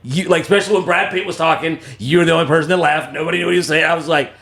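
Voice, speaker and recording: A man's voice: fairly high pitch, racing. A man from East Texas co-hosting a podcast, telling stories in a loose, rambling casual chat. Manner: relaxed storytelling, loose and rambling. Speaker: podcast co-host. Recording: echoey room.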